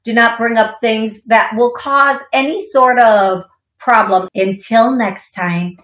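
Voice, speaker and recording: Slow-talking woman psychic hosting a call-in show. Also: a little high, steady tone, fairly bright tone, roomy sound. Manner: chatty, reassuring, giggly asides. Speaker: psychic medium radio host.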